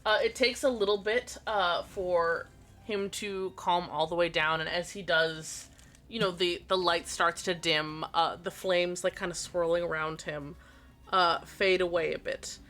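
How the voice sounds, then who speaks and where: A woman narrating as game master of a tabletop game, rambling with many fillers and quick apologies. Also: on the low side, steady tone, fairly bright tone.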